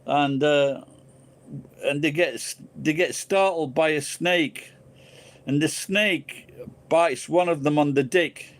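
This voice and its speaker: A man's voice: on the high side, slow pace. A man hosting a casual live stream, ranting profanely and rambling into crude jokes.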